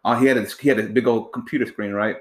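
A young man hosts a podcast in a relaxed, casual way. He tells rambling anecdotes, peppered with slang and profanity, in a voice of ordinary middle pitch. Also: fast talker, reverberant. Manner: laid-back storytelling with slang and swearing. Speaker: podcast host. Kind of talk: casual chat.

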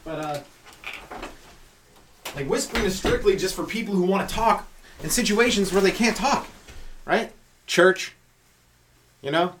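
A man doing a rambling stand-up comedy monologue on his podcast, riffing with frequent asides to the listener and swinging between loud and hushed delivery. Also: high-pitched, lively intonation, a little slow, pauses often, slight background noise. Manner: riffing, talks to listener with frequent "right?" and "you know".

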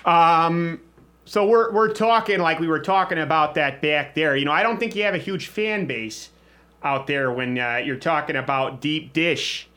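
A man's voice: a little high, moderate pace, bright, forceful tone. A man hosting a casual studio show, joking and rambling with frequent restarts. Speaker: host.

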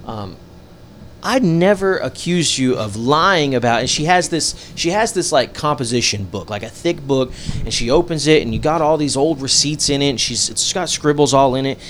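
Guy on a podcast, telling a wild story, cussing and acting out voices, middle pitch. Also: brisk, slight background noise. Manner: animated, profane, acts out dialogue. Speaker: podcast co-host. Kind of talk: casual storytelling.

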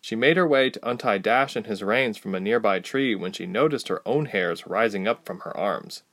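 A man narrating a fantasy audiobook in steady storytelling. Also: lowish voice, moderate pace.

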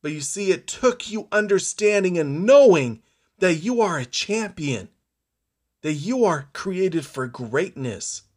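A man's voice: high voice, animated, slow pace. A man giving a motivational speech, telling a story in the second person with dramatic repetition. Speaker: motivational speaker.

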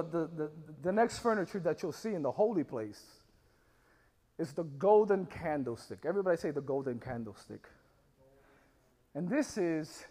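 A man preaching a sermon as pastor, impassioned, with rising shouts and call-and-response to the congregation. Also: fairly high pitch, big-room sound.

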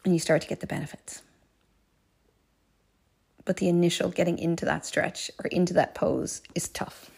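A woman's voice: lowish voice, fairly even intonation, normal speed, creaky, long pauses, darkish tone, breathy edge. A woman hosting a life coaching podcast, telling a personal story in an earnest, heartfelt way and repeating phrases for emphasis.

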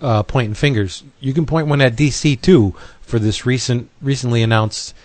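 A man's voice: mid-range voice, moderate pace, a little mellow, no echo. A man giving blunt opinions on comics in casual podcast chat. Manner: opinionated, direct.

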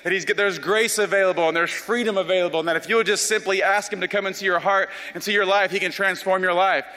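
A young man from South Carolina, telling his life story as an animated, self-deprecating testimony. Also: high voice, fast. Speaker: speaker giving a personal testimony. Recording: long reverb of a large hall.

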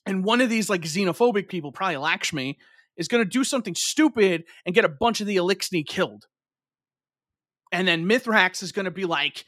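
Young man, high voice, dry close sound, casual rambling chat, lots of fillers, swears freely. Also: expressive, fairly quick, fairly bright tone, no room sound.

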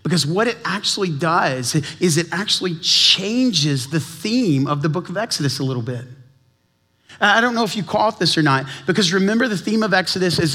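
Preaching a sermon as teaching pastor, this man speaks with a high, sharp-toned voice. He is earnest, asks many rhetorical questions, and often repeats words to press his point.

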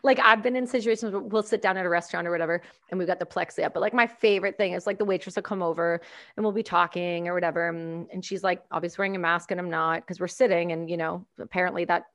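A woman from Canada chatting casually as a podcast host, telling animated stories, swearing and laughing often. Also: lowish voice, fast. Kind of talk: casual chat.

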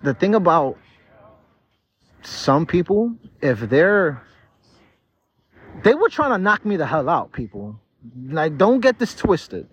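A man's voice: fairly high pitch, sing-song, slow pace, long pauses, breathy edge, muffled recording. Tipsy, profane man rambling outdoors. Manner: profane, digressive, talks straight to viewers. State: tipsy, slurring. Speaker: vlogger. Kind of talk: rambling personal storytelling. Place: outdoors in a park.

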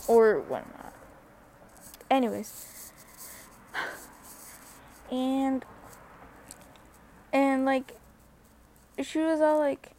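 A woman's voice: sits high, very slow, long pauses, dark tone, a little hiss or hum. A young woman vlogger telling a story in a casual, rambling way, full of fillers and restarts.

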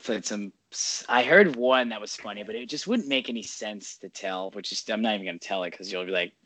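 A man's voice: lowish voice, brisk, a bit bright, no room sound. A man hosting a podcast in casual chat, rambling along, swearing freely and laughing often. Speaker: podcast host.

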